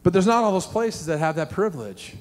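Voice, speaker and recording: A middle-aged man, a pastor preaching a sermon and telling animated stories with questions to the congregation. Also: sits high, brisk. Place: church sanctuary. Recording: long hall reverb.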